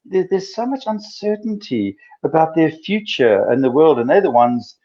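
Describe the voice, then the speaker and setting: A middle-aged man, a doctor co-hosting a casual chat, telling stories with animated bursts of emphasis. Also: fairly high pitch, normal speed. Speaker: doctor and co-host. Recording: dull lo-fi sound.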